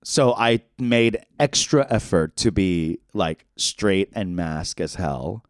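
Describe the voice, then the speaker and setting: A young adult man co-hosting a podcast, telling stories in a lively, swearing way and acting out the voices of people he quotes. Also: takes it slowly, clean tone, no room sound, studio quality. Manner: animated storyteller, swears, acts out quoted voices high and loud. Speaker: podcast co-host. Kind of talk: casual chat.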